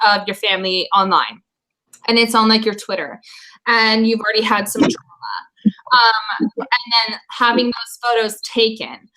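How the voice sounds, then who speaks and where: A woman's voice: fairly high pitch, sharp tone, poor audio. A woman hosting a livestream, talking in an upset, profane, apologetic way. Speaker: stream host. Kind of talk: emotional livestream talk.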